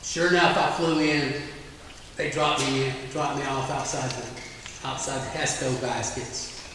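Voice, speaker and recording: A man's voice: medium pitch, steady tone, a little slow, background noise. A middle-aged man, a military veteran giving a plainspoken storytelling speech. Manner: plainspoken, anecdotal. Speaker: military veteran guest speaker. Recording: echoey hall from far off.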